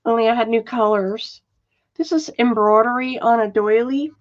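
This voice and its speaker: A woman hosting a casual live sale, chatting slowly and softly with many fillers and reading out viewer comments. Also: on the high side, fairly even intonation. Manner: chatty, warm-hearted, reads viewer comments aloud; slow, soft-spoken, with frequent fillers. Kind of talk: casual live selling chat. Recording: dull lo-fi livestream audio.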